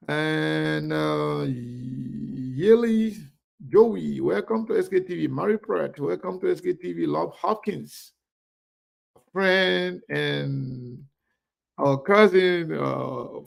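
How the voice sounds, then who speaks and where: A man hosting an online live show, greeting viewers by name in a chatty way. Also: a little high. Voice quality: gravelly. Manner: chatty, reads viewer names aloud warmly.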